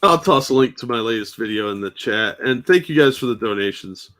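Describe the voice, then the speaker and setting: A man's voice: mid-range voice, animated, fairly quick, fairly bright tone. A man on as a guest co-host of a streamed chat, laid-back and joking. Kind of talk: casual chat.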